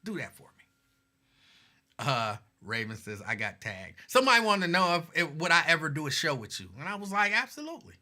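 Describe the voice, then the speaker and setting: A man's voice: a little high, sing-song, fairly quick. A man hosting a live talk stream, chatting casually and reading viewer comments aloud in a laid-back, way. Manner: laid-back, chatty, signs off with warm advice.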